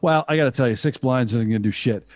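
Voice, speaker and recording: A man's voice: medium pitch, quick pace, a little mellow, no echo. Male poker stream co-host, brash and jokey, salty banter, dry mic. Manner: brash, joking, swears freely. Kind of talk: casual banter commentary.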